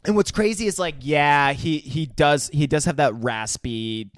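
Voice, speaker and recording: Chill podcast dude, kinda high voice, swears a lot, dry close mic. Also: male voice, measured pace, no room sound. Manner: loose, profane, laughing banter. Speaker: podcast co-host. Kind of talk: casual movie review chat.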